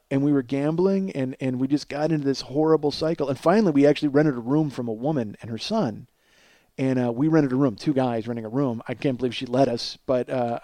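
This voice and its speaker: A man's voice: medium pitch, mellow, dry recording. A man in his forties telling a long personal story in a casual, profane way, often laughing as he talks. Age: 40s. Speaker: podcast storyteller.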